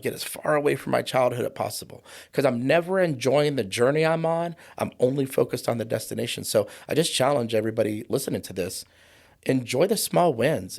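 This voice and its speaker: A man in his forties, a podcast guest talking about trauma in an impassioned, preachy way, slowing down for emphasis. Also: mid-range voice, gravelly. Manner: fired-up, preachy, slows down for emphasis. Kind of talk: impassioned conversational podcast talk.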